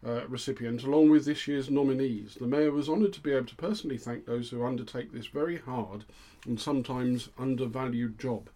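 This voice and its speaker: A man's voice: medium pitch, brisk, darkish tone. A middle-aged man co-hosting a local podcast, dry and self-deprecating in his jokes. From England. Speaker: co-host. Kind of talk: casual chat.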